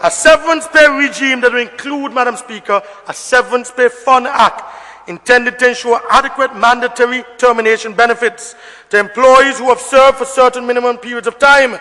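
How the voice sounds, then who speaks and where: A man giving an emphatic, repetitive budget debate speech in parliament, often rising to shouts. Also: very high voice, fairly even intonation, fairly quick. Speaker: member of parliament. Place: parliament chamber. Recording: long reverb of a debating chamber.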